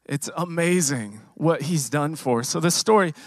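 A man's voice: on the high side, no room sound. Church musician, man, tenor-ish, emotional testimony, lots of restarts, dry close sound. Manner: emotional, halting, many restarts and repeats. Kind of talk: personal testimony to a congregation. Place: church sanctuary. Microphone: handheld microphone.

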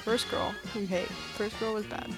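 A woman co-hosting a casual film podcast, talking in a halting way full of fillers. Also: mid-range voice, steady tone, loud music behind the voice. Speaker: podcast co-host.

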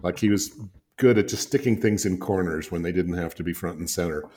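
A man's voice: low-pitched, brisk, mellow. An older man, a guest designer and author, telling stories in a rambling, chuckling way with many fillers. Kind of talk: anecdotal storytelling in conversation.

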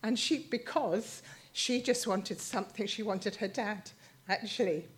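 A woman, sharing a personal story in a sermon, halting and emotional, with many restarts. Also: mid-range voice. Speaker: speaker at church.

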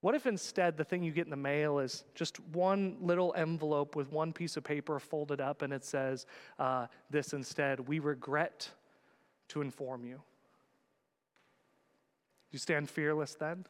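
A man preaching a sermon as a pastor, swinging between loud urgent calls and hushed quiet words. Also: fairly high pitch, steady tone, measured pace, big-room sound.

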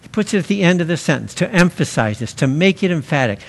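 A man preaching a sermon, slow and deliberate, pausing to stress key words. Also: fairly high pitch, big pitch swings, creaky, in a large hall. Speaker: pastor.

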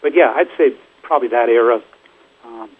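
In a mid-range voice with a breathy edge, an older man who is a musician guest recounts stories at a normal pace during a casual interview. The audio sounds phone-like, and his talk is rambling and chatty, full of fillers.

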